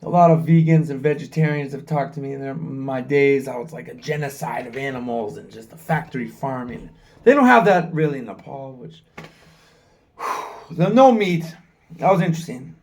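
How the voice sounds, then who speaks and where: Here an American man in his forties, a travel vlogger, talks into his own camera mic at normal speed. His mid-range voice has a darkish tone as he rambles candidly, cursing without restraint.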